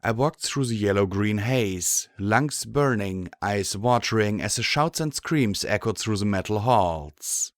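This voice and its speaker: A man reading a fan fiction audiobook in a steady, measured way. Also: on the low side, dry recording, clean studio sound. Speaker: audiobook narrator.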